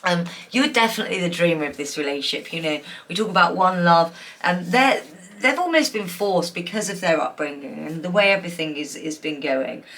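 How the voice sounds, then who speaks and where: A woman's voice: fairly low pitch, expressive, brisk, fairly bright tone. A woman giving a pick-a-card tarot reading, emotional and gushing, with many fillers. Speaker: tarot reader.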